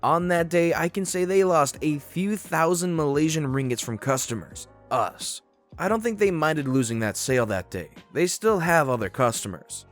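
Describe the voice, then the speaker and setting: Man, slightly high voice, storytime narration, faint music underneath. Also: lively intonation, normal speed. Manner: reads a first-person story aloud.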